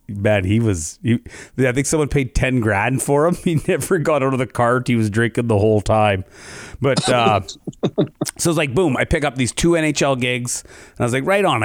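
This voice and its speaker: A male Canadian comedian tells a story in casual conversation, slipping into high voices to imitate other people. The recording is dry and of studio quality.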